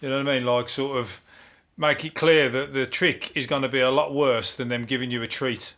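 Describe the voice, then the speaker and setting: A man's voice: mid-range voice, fairly even intonation, brisk, fairly bright tone. A man hosting a comic news monologue, rambling and swearing, laughing at his own jokes. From Birmingham, England. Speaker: comedian podcast host.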